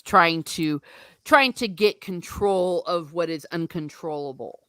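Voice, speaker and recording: A woman's voice: on the low side, measured pace, fairly bright tone, smooth, no room sound. A woman hosting a casual book discussion, chatty and full of fillers as she reads chat comments aloud. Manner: chatty, lots of likes and laughs.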